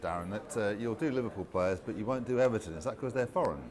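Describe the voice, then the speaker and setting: A man hosting a TV football chat show, introducing guests and bantering briskly. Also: fairly low pitch, a crowd in the background. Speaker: TV sports show host.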